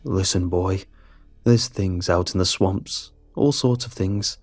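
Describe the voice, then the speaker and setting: A man's voice: sits low, a little mellow, no echo, soft background music, heavily acted. A man voicing a rambling local drunk who slurs and stammers his words. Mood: ominous. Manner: slow, slurred, stammering mumble.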